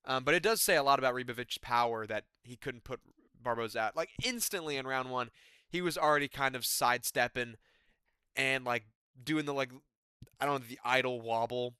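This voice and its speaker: Bright, crisp-voiced man recapping fights. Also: medium pitch, a little fast, no room sound, clean studio sound. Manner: rambling, profane, exasperated. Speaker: MMA commentary YouTuber.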